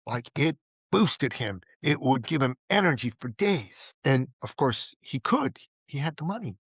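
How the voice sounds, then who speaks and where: A man's voice: mid-range voice, sing-song, a little slow, breathy edge, no room sound. A man from Iran, a podcast guest and entrepreneur, telling stories in casual interview talk. He acts out the people he quotes and often says "like" and "right?".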